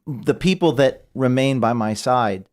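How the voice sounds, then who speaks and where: Man, podcast guest, emotional, halting, middle pitch. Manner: emotional, halting, trails off quietly. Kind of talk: interview conversation.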